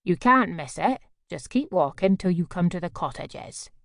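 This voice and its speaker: A woman's voice: lowish voice, animated, moderate pace, vocal fry, no echo. A woman voicing a dry, caustic village postmistress in an audiobook. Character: dry sharp middle-aged village postmistress.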